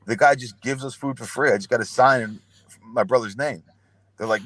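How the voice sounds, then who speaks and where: A young man guesting on a podcast talks a little fast in a medium, slightly bright voice, with no room sound. His casual storytelling is rambling and profane, and he acts out quoted speech.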